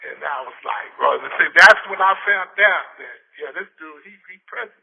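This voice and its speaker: A man in his fifties from Texas, telling stories in a casual interview, animated and often repeating and restarting his words. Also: fairly high pitch, normal speed, vocal fry. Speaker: interview guest, former football player. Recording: tinny phone-like lo-fi audio.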